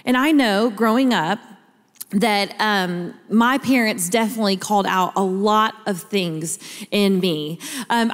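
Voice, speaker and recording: A woman, preaching a sermon and telling stories in a chatty way. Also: medium pitch. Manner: chatty storyteller, addresses the congregation as y'all. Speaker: pastor. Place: large church auditorium. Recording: long church hall reverb.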